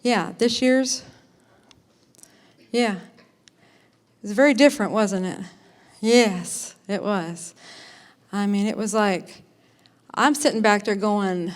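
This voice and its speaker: A woman's voice: mid-range voice, takes it slowly, pauses often. A woman stands before a conference audience and introduces the next speaker. She talks in an eager, meandering way, stacking fillers and false starts as she builds up to the introduction. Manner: rambling, excited, many fillers and restarts. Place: conference hall, in front of an audience.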